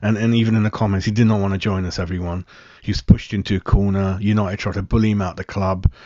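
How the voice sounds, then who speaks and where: A man hosts a live football fan stream in a chatty, rambling way, answering viewers and calling them mate between throat-clears. His voice sits a little low. The sound is dry and close, slightly muffled like lo-fi stream audio. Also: little pitch movement, quick pace, dark tone, no room sound. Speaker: football fan channel host.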